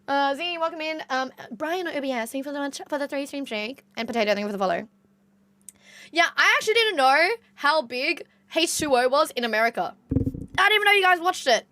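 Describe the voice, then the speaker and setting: A woman's voice: sits high, animated, brisk, pushed and bright, no room sound. A young Australian woman streamer with an Australian accent, chatting casually with her viewers, reading chat aloud and swearing now and then.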